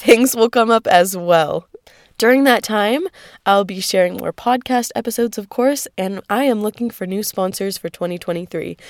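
A woman hosting a casual podcast interview, bubbly and quick to laugh. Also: medium pitch, a little mellow, roomy sound. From United States. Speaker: podcast host.

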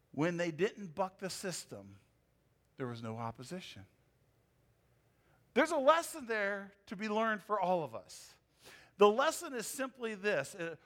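A man preaching from the pulpit as pastor, his voice sitting high for a man. He delivers the sermon with emphatic swings, climbing in pitch and volume to press a point, then dropping low and quiet.

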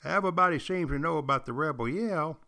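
An older man, a retired teacher, hosts a history podcast, telling stories straight to his listeners in an emphatic, repetitive lecture style. His voice sits on the high side and is quick, bright, and forceful, with some vocal fry.

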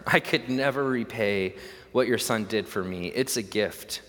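A man voicing a humble young male soldier who speaks gently and earnestly, recorded with long hall reverb. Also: lowish voice, unhurried.

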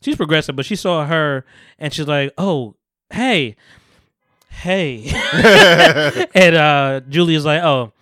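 A man's voice: a little high, very animated, slow pace, long pauses, pushed and bright, no room sound. A man hosting a podcast, casually retelling film scenes and acting out the quotes with lots of laughter. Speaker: podcast host. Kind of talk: casual chat.

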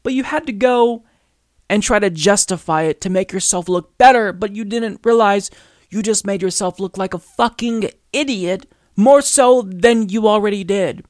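A man's voice: high-pitched, moderate pace, dry recording, studio quality. A male podcast host delivering political commentary as an exasperated rant, full of rhetorical questions and swearing.

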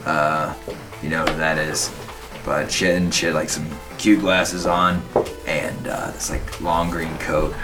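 A man's voice: very deep voice, level tone, measured pace, music in the background. A man recounting an awkward night out in a hesitant, sheepish way, full of fillers. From Midwestern US. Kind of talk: casual chat.

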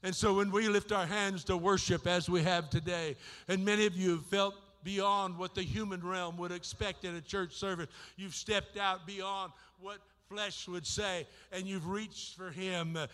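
A man preaching a sermon in a church, impassioned, swinging from shouts to hushed appeals. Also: sits high, steady tone, unhurried, few pauses. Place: church sanctuary. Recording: long hall reverb.

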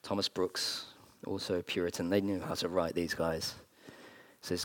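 A man preaching a sermon, earnest, leaning on slow emphatic phrases with sudden bursts of energy. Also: low voice, flat delivery. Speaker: pastor.

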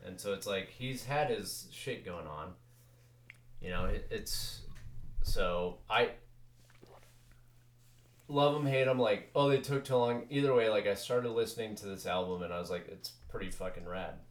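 A man's voice: on the low side, unhurried, long pauses. A man hosting a podcast, chatting casually in a rambling, filler-heavy way and swearing now and then. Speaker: podcast host. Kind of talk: casual chat.

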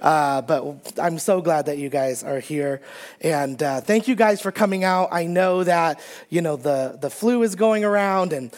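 High-voiced man preaching a casual sermon. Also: unhurried. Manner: conversational, joking preacher with many fillers. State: recovering from strep throat. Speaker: pastor. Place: church sanctuary under stage lights.

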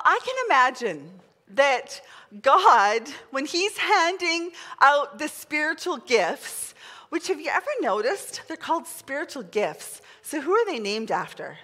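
A middle-aged woman pastor preaching a sermon, chatty and excitable, leading the congregation in call-and-response. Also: high-pitched. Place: large church hall. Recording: long hall reverb.

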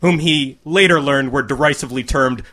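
A man reading a crude comic short story aloud to a live audience, with a deadpan delivery. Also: medium pitch, moderate pace.

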